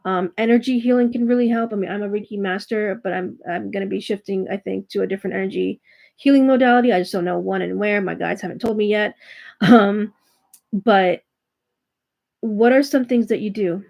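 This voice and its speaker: Gentle woman hosting a live stream. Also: mid-range voice, brisk, creaky. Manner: gentle, reassuring, with many fillers and restarts. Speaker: tarot reader and spiritual coach hosting a live reading. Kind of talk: live-stream chat with viewers.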